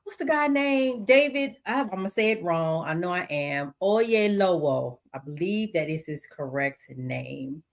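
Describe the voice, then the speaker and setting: A woman's voice: on the low side, a little slow, hardly any pauses. A middle-aged American woman hosting her own podcast, talking casually with many fillers and asides. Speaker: podcast host. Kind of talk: casual solo podcast talk.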